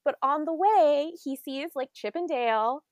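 A woman with a fairly high voice tells a story in casual chat, bubbly and quick with "like" fillers. The recording is dry and close, with no room sound. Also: no room sound. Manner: excited storytelling, many "like"s.

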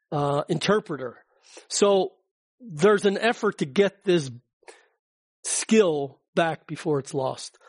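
Man, slightly high voice, dry sound, rambling casual lecture. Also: no echo. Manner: rambling, chatty, frequent fillers and restarts. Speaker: guest speaker. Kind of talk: informal public talk with slides.

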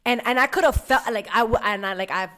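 A woman's voice: fairly high pitch, quick pace, a bit bright. A woman co-hosting a casual chat, reflecting candidly and thinking aloud, with slang.

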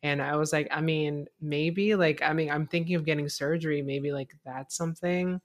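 A woman's voice: low voice, steady tone, moderate pace. A young woman co-hosting a podcast, telling a story in a casual, rambling way, full of fillers and swearing. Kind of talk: casual chat.

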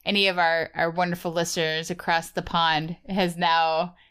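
Smooth-voiced woman podcast co-host. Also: fairly low pitch, flat delivery, moderate pace, a bit bright. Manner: playful, laughs often. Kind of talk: casual chat.

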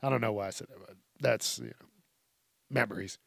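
A man's voice: lowish voice, a little fast, vocal fry, a bit bright, dry recording, clean studio sound. A man hosting a solo podcast, rambling casually with a lot of swearing and laughing at his own tangents. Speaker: podcast host.

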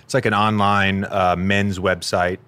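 A man hosting a podcast, telling stories in a relaxed, rambling way that often corrects itself mid-sentence. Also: sits low, unhurried, clear, resonant tone. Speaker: podcast host. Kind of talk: casual storytelling chat.

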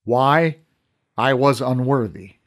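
A man voicing a brooding old archer. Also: natural voice. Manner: slow, low and halting. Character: old troubled male archer, gruff and brooding.

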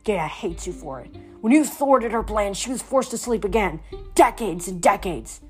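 A woman's voice: medium pitch, expressive, moderate pace, a little mellow, faint music behind, natural voice. Brief: woman reading as a greedy male grain spirit, menacing and gloating, storybook reading. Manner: threatening, gloating.

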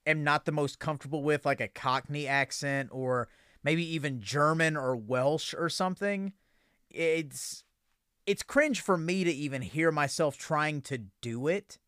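A man's voice: fairly high pitch, a little slow, fairly bright tone, smooth, no room sound, studio quality. A man hosting a podcast, chatting casually with loose, joking, profane talk. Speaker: podcast host. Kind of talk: casual chat.

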